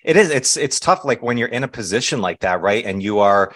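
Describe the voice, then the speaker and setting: A man's voice: on the low side, expressive, a little fast, a bit bright. A man hosting a podcast who reacts to his guest in a rambling way, with many fillers. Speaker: podcast host. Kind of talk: casual interview chat.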